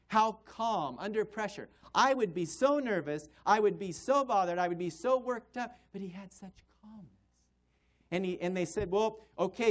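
Male pastor, high voice, earnest sermon delivery with loud-soft swings. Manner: earnest preaching with repetition and dynamic swings in loudness.

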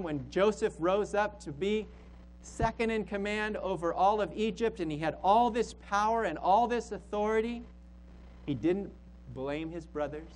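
A man's voice: high voice, a little hiss or hum, low-quality recording. A man preaching a sermon as a pastor, emphatic and repeating key phrases for stress.

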